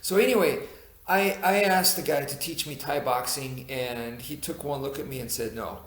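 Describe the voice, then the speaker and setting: A man's voice: medium pitch, normal speed, fairly bright tone. Rambling man telling a story, roomy echo. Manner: rambling, many fillers and restarts, laughs at himself. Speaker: YouTuber telling a personal story. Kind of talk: casual storytelling to camera.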